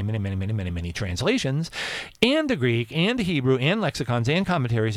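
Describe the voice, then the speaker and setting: Bible teacher, man, lively swooping delivery, dry close sound, restarts a lot, medium pitch. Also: no echo. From Pennsylvania, US. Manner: animated, stumbling restarts, acts out quotes. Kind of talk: informal Bible teaching on prophecy.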